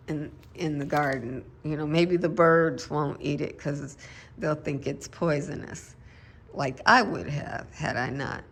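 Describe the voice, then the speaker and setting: Slow, low-voiced woman musing aloud. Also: gravelly, fairly bright tone. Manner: chatty, musing aloud, self-deprecating asides. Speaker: gardening vlogger. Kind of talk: casual chat.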